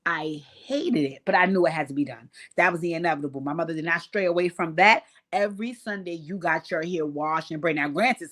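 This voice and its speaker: A woman hosting a live stream, telling profane stories and talking to viewers in a casual, animated way. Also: lowish voice. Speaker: host.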